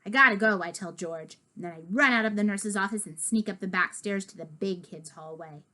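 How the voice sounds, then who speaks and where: A woman's voice: mid-range voice, a little fast, bright, forceful tone. A woman reading a children's book aloud in a playful first-person child's voice.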